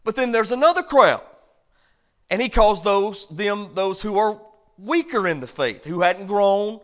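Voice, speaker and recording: A pastor teaches a Bible study in a church, talking with his listeners as much as preaching to them. His voice sits high for a man, and he swings from loud, pressing stretches down to hushed asides. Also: expressive, a little slow. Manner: conversational preaching with big swings in loudness.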